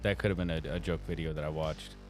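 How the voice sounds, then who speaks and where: A man's voice: rumbling low, steady tone, quick pace, faint music behind. A man co-hosting a live art stream, chatting casually, laughing often and reading viewer comments aloud.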